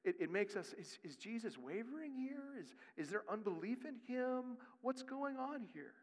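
A male pastor preaching a sermon. He moves from quick, quiet asides to loud, rising emphasis. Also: very high-pitched, sing-song. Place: church sanctuary. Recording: long reverb of a church hall.

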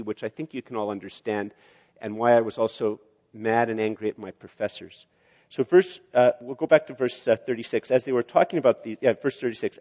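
An older man preaching a sermon, acting out quotes and rising to loud emphasis. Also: medium pitch. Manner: animated, rises loud for emphasis, acts out quotes. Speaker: pastor. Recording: long hall reverb.

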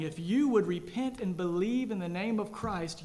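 A man pastor preaching a sermon, earnest, rising to emphatic declarations and dropping low and slow. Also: darkish tone.

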